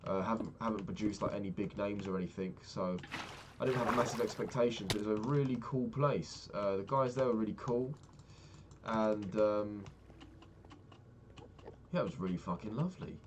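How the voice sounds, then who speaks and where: A man's voice: lowish voice, normal speed, background noise. A young man chatting casually and rambling, swearing freely as he tells a story while playing a game. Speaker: vlogger. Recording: keyboard clicks and typing behind. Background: keyboard clicks.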